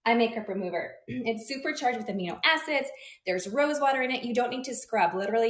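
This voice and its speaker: A young adult woman, a beauty influencer, chatting brightly to her viewers while reviewing and demonstrating skincare. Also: mid-range voice. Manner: bubbly, chatty, addresses viewers directly. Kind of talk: product review and demo. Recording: echoey room.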